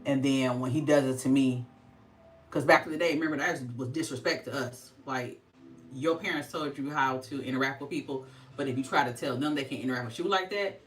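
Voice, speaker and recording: Low-voiced woman chatting on a livestream. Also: normal speed, fairly bright tone, distant mic, faint music behind, poor audio. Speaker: skincare specialist hosting a livestream. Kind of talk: casual livestream chat.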